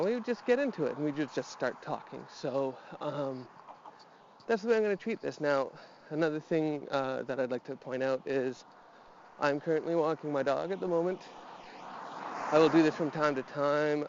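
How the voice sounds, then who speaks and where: A podcast host talks casually while walking his dog outdoors, a little out of breath and rambling with restarts and fillers. His voice sits on the high side, slightly nasal and darkish in tone. The recording is lo-fi with a little hiss or hum.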